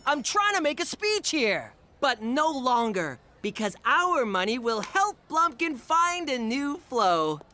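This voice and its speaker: Brief: actress as a slow-talking wiseacre cartoon teen, slightly high. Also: female voice, very animated, pushed and bright, heavily acted. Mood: sly. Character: scheming teenage boy. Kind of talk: animated series voice acting.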